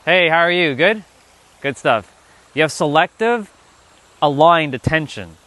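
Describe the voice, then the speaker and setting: A man hosts a loose motivational livestream outdoors, wandering among rocks as he talks to viewers. His voice sits a bit high and sounds bright and forceful. He is blunt and playful, swears freely, and makes up catchy acronyms as he goes. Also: lively intonation, measured pace, dry recording. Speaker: livestream host. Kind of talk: casual motivational livestream talk.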